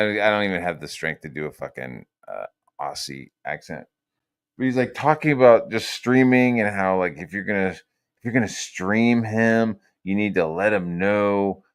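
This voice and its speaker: Profane rambling male streamer, low voice. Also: expressive, normal speed, smooth. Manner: rambling, profane, swings between loud rants and mutters. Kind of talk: profane casual stream commentary.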